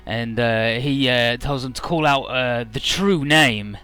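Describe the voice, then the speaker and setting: A man's voice: medium pitch, unhurried, sharp tone, smooth, soft background music. A man casually commenting on a video game he is playing. He jokes and rambles, with lots of "uh" fillers. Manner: joking, rambling, many "uh" fillers. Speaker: video game let's player.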